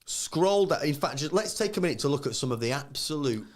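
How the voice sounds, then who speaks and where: A man's voice: a little high, animated, a little fast. A man in his thirties co-hosting a live podcast, chatting casually and acting out quoted voices as he tells stories. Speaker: podcast co-host.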